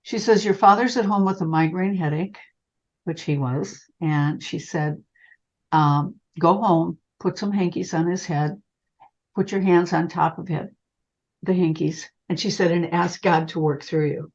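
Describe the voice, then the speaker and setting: In a dull lo-fi recording, an older woman, a psychic medium, recounts a personal story for an interview. Her voice is on the low side and a little slow, and she's animated, addressing the listener as honey.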